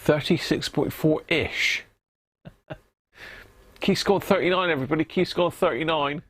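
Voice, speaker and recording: A man's voice: on the high side, measured pace, fairly bright tone. A jovial man hosting a casual live stream, chatting and laughing with his viewers. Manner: jovial, laughing banter with chat. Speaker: live-stream host restoring a vintage radio.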